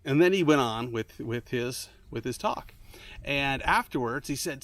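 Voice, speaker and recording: Earnest, animated male ministry speaker. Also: measured pace. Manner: earnest storytelling, frequent restarts and fillers; emphatic, rising to urgent high points. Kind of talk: casual devotional talk.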